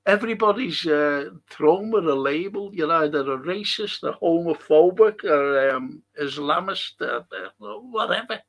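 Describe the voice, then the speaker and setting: A man's voice: fairly high pitch, unhurried, few pauses. A middle-aged man with a Liverpool accent, hosting a casual live-stream chat, chatty and opinionated as he reads out viewer comments. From England. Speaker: host.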